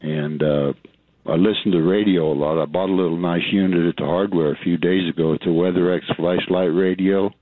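An older retired man calls in to a radio show. His voice is very deep, and his answers are short, plain and tired. He comes through a thin, phone-like line with no room echo. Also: fairly even intonation, fairly quick. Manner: terse, tired, plain-spoken. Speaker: radio caller. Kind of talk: phoned-in call.

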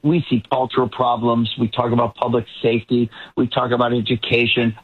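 A man's voice: mid-range voice, little pitch movement, fairly quick, breathy edge, phone-quality sound. A man from the Boston area giving emphatic political commentary as a talk show guest, often repeating words as he builds a point. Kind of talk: talk show panel discussion.

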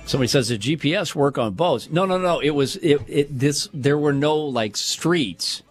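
A man's voice: on the high side, normal speed, soft background music. A man co-hosting a talk show, telling a long story in a rambling way and correcting himself as he goes. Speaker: radio show co-host. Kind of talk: casual chat.

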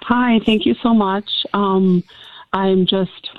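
A woman's voice: mid-range voice, fairly even intonation, dry recording. Tearful woman caller over phone line. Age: middle-aged. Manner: halting and on the verge of tears. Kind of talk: emotional call-in on a phone line.

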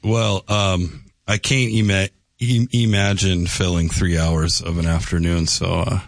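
A man's voice: deep voice, flat delivery, unhurried, gravelly, dry recording. A man from North Dakota with a North Dakota accent, a guest on a radio show, teasing the host in casual banter. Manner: teasing, playful. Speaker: studio guest.

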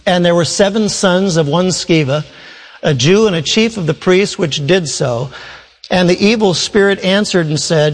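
A man pastor preaching a sermon, reading scripture and explaining it in an animated way. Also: high voice, moderate pace, big-room sound, low-quality recording.

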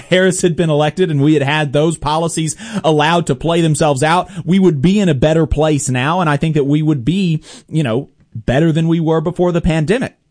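A man hosts casual political commentary in a fairly high, darkish voice whose pitch swings widely. He comes across as exasperated and sarcastic, frequently restarting sentences.

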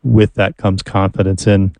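A man's voice: low-pitched, level tone, moderate pace, vocal fry, darkish tone, no echo. A man interviewing a guest, asking thoughtful questions while searching for words.

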